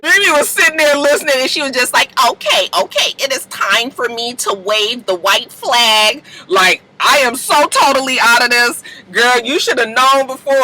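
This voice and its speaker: Animated, slangy woman recapping reality TV. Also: high-pitched, noisy background. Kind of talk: casual episode recap.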